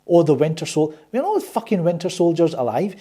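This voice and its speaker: A sarcastic man rants his way through a film review, swearing freely. His voice sits a bit high for a man, with a husky, breathy grain and a warm, mellow tone. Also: big pitch swings, fairly quick. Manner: sarcastic, swears a lot, exasperated. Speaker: movie reviewer and channel host. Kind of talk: ranting casual review.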